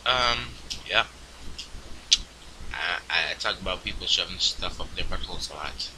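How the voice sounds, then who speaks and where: A young man casually commentating his online game, crude and profane, rambling quietly and then suddenly yelling at other players. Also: sits low, a little slow, slight background noise, rough recording. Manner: crude, profane, swings into loud outbursts. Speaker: gaming video host.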